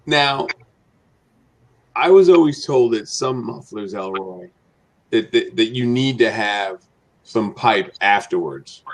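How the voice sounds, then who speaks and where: A man's voice: on the low side, lively intonation, takes it slowly, long pauses. A male co-host of a car chat show. He asks long, meandering questions, restarting and repeating words before he gets to the point. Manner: repetitive, stumbling questions. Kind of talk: casual live show chat.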